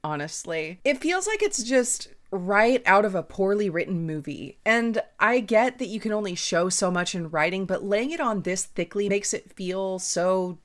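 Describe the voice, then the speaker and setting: A woman's voice: mid-range voice, expressive, normal speed, hardly any pauses. A woman from the American South recapping a romance novel in a casual, sarcastic commentary with wry asides. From Southern United States. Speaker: book reviewer.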